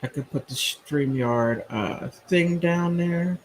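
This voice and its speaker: A man's voice: on the high side, slow, a little hiss or hum, poor audio. A man hosting a casual live stream, rambling through commentary and reacting to viewer comments. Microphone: computer mic on a streaming app.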